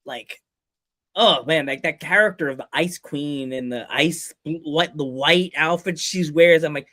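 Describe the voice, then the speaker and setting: A man's voice: on the high side, a bit bright. A man hosting a podcast in casual chat, rambling and joking, laughing often and slipping into playful quoted voices. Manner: rambling, fast restarts. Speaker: podcast host.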